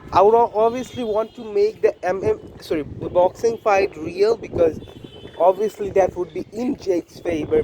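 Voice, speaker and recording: Man with a high voice, faint hiss behind. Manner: blunt, profane, repetitive. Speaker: combat sports commentator. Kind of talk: casual opinion monologue.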